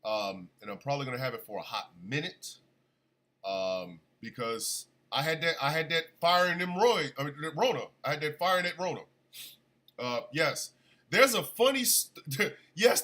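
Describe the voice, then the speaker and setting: A man hosting a casual live radio show, chatty and animated, still congested from an illness. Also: a little high. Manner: chatty, animated, shouts at his dogs. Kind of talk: casual livestream talk radio.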